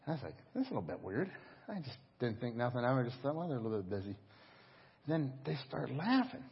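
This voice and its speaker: Husky-voiced pastor preaching in a hall. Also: male voice, medium pitch, quick pace. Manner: storytelling, animated and conversational. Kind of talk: sermon. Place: church service. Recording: dull echoing church hall audio.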